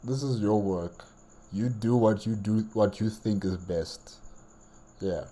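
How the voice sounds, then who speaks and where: A man's voice: lowish voice, slow, dark tone. A man hosting a reaction video, easygoing and supportive, explaining things casually. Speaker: reaction channel host.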